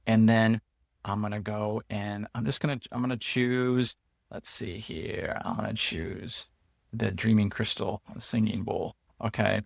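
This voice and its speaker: Gravelly low-voiced man, casual walkthrough. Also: unhurried, no echo, studio quality. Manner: relaxed, chatty, loose with fillers and restarts. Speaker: host and app founder. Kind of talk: casual screen-share walkthrough.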